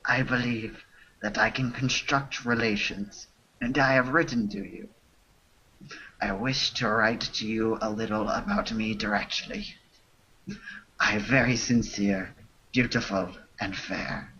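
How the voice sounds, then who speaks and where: A man's voice: on the low side, steady tone, unhurried, bright, forceful tone, slight background noise. A man voicing a woman spam writer in a fake French accent, reading broken English aloud. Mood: hammy. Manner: broken English, read out with laughs. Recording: muffled lo-fi livestream audio.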